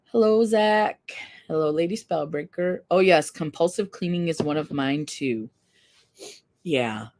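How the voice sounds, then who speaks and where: A woman in her fifties hosts a casual live stream, reading viewer comments and talking candidly, earnestly, and self-deprecatingly. Her voice sits low and a little mellow, at a measured pace.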